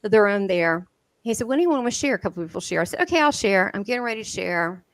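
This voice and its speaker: Speaking fast with a Southern American drawl, this woman is a guest medium from the southern US who animatedly tells stories during an interview. She laughs a lot and performs the dialogue in a mid-pitched voice, captured in a dry, close recording with almost no ambience.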